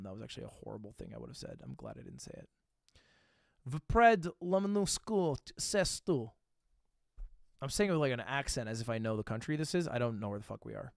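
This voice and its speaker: Lively, swearing streamer thinking out loud. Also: male voice, mid-range voice, gravelly, no room sound, clean studio sound. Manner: thinks aloud, swears casually, quick self-mocking asides. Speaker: livestreamer. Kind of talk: casual livestream commentary while playing a guessing game.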